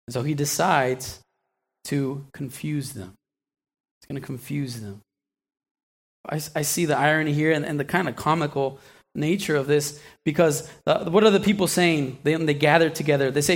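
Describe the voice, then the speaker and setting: His voice sits a little high and moves at normal speed as he preaches. The sermon feels like a conversation, full of questions to listeners, acted-out asides, and frequent restarts and repeated words.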